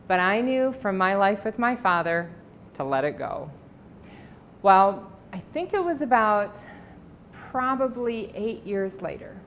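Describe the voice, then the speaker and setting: A woman's voice: medium pitch, expressive, normal speed, slight background noise. A middle-aged woman giving a library talk as an author, telling family stories with quoted dialogue. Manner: warm anecdotal storytelling with quoted dialogue. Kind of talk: personal storytelling talk. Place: library presentation room.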